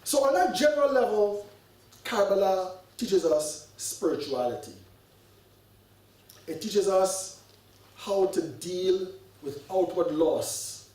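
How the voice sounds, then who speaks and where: A man's voice: sits high, expressive, slow, long pauses, a little mellow. A man giving an earnest sermon to a gathering, full of rhetorical questions and repeated words as he thinks aloud. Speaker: sheikh giving a religious talk. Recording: echoey hall, mic at a distance.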